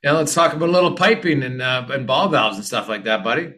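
Friendly Canadian man, bright voice. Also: mid-range voice, fast. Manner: friendly, rambling with restarts. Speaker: hockey journalist guest. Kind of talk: casual interview answers.

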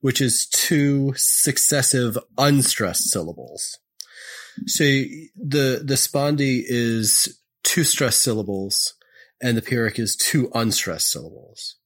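A man hosting a podcast, casually explaining poetry in a halting way, often clearing his throat and correcting himself. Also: mid-range voice, lively intonation, fairly bright tone.

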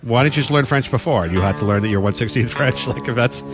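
A man's voice: medium pitch, fast, music in the background. A man hosting a podcast in casual chat, ranting wryly and laughing at his own jokes. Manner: wry, ranting, laughs often. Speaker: podcast host.

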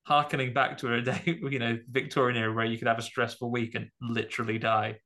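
A man's voice: medium pitch, level tone, fast talker, bright, forceful tone. A man co-hosting a podcast, chatting playfully and slipping into silly voices. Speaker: podcast co-host. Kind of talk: casual podcast chat.

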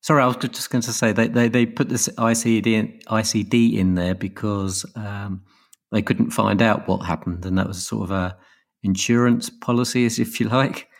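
A man hosting an interview, asking questions gently and hesitantly. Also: fairly low pitch, steady tone, normal speed, vocal fry. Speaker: interview host. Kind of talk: conversational interview.

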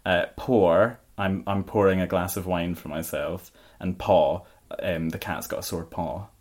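A man's voice: low voice, steady tone, moderate pace. A young Scottish man co-hosting a podcast, chatting casually with many fillers and frequent laughs. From Scotland. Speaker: podcast co-host. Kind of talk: casual chat.

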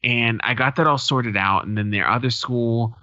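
Bright-toned man telling stories casually. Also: mid-range voice, normal speed, no echo. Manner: profane storytelling, acts out quoted people. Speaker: podcast co-host. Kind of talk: casual chat. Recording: dull lo-fi sound.

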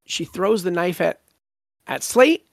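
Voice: mid-range voice, expressive, slow, vocal fry, dry recording, clean studio sound. A podcast host in casual book discussion, retelling scenes with a laugh and quoting lines.

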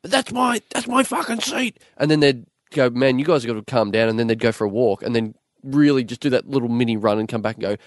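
Rambling podcast host. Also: male voice, medium pitch, fast, few pauses, a little mellow, no echo, studio quality. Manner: rambling, stumbling restarts while telling stories. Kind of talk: casual podcast chat.

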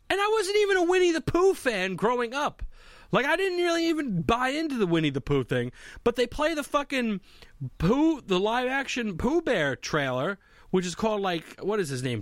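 A man's voice: high-pitched, fairly bright tone, dry recording. A young man in a casual solo monologue from a home basement, rambling, swearing and mocking himself.

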